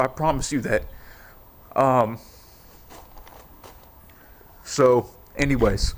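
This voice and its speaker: A young man vlogging in a casual monologue, heartfelt and profane, halting with many restarts. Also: medium pitch, slight background noise.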